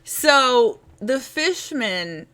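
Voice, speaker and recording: Lively, bright-voiced woman co-host. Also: high-pitched, very slow. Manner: animated, profane, laughs often. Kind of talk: casual chat.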